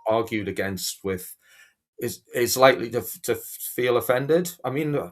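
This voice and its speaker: A man's voice: mid-range voice, unhurried. A man speaking as a guest in a casual chat, earnest and rambling with restarts.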